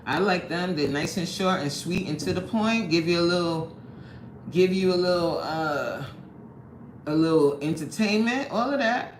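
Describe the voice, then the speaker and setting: A woman's voice: fairly low pitch, animated, moderate pace. A woman hosting a casual live stream, chatting and greeting viewers, laughing often, indoors at her workplace. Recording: roomy echo, faint background noise.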